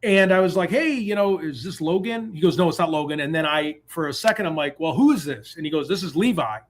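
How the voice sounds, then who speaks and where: Man, live stream host, casual, rambling, jokey, somewhat high voice, hotel room. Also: expressive, fast talker, slight background noise.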